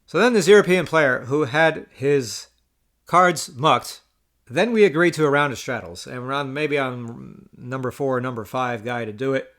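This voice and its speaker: A man's voice: medium pitch, normal speed, fairly bright tone. A man telling a poker table story as an exasperated, profane rant, full of stammered restarts. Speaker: poker player vlogger. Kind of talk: ranting storytelling.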